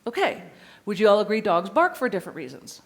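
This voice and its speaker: Lively woman dog trainer teaching a group. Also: medium pitch, quick pace. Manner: lively, playful, acts out a dog's voice. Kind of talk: teaching a seminar audience.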